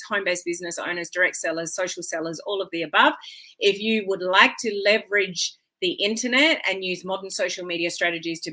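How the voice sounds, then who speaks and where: A woman hosts a live social media stream, her voice bright and clear, talking casually to her viewers. She is chatty and welcoming, greets people by name and checks in with a friendly "okay?". She sounds middle-aged and speaks as if into a webcam. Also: medium pitch.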